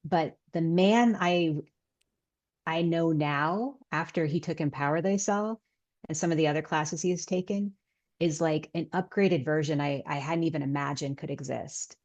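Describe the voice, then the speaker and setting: Casting: middle-aged woman guest, low voice, earnest storytelling tone. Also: moderate pace, darkish tone, highs cut off. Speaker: guest author and healer. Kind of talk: casual interview chat.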